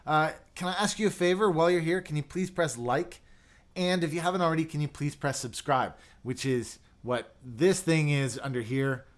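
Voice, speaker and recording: A man's voice: on the high side, moderate pace. A man hosting a casual livestream, chatting loosely and reading out viewer comments with lots of fillers and restarts. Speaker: livestream host. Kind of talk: casual live chat.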